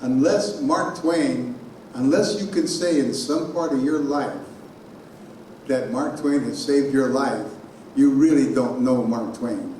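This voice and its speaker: A man giving a keynote speech in a conference hall, telling a personal story in an animated way and sounding out noises himself. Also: mid-range voice, slow, a little hiss or hum. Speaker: keynote speaker. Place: conference hall on a college campus. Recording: very echoey hall from far off.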